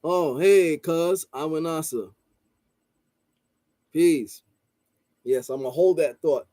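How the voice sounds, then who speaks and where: A man telling a story in a casual monologue, rambling and repeating "you know" and "blah, blah", calm and measured. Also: fairly high pitch, dry recording. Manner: calm and measured, stresses listening before responding. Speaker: channel host and street vendor.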